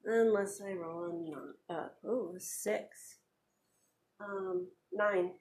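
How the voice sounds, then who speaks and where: A woman's voice: medium pitch, very animated, slow pace, gravelly, darkish tone. Playful woman at a game table. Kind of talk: casual game table chat. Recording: roomy echo, faint noise.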